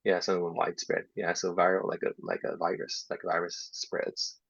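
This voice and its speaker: Deep gravelly man giving a workshop talk. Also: monotone, normal speed, no echo. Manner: explains step by step, drops into soft half-whispered asides. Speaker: English teacher trainer. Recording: dull lo-fi sound.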